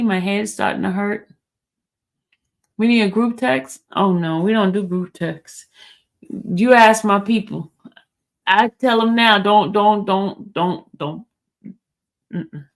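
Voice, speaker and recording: A woman's voice: medium pitch, gravelly. A woman hosting a casual livestream, chatty and teasing as she talks straight to her chat and reads their comments. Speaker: livestream host.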